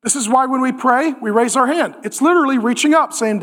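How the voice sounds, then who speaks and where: A middle-aged man preaching a sermon. He speaks emphatically and drops to a hushed, intimate tone for stories. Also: very high voice, fast talker, few pauses. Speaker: pastor.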